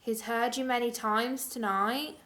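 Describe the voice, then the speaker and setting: A woman investigating an abandoned hospital at night, chatting teasingly and often dropping to hushed whispers. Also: a little high, fairly even intonation, measured pace, echoey room. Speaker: paranormal investigator. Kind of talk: casual chat on a ghost hunt.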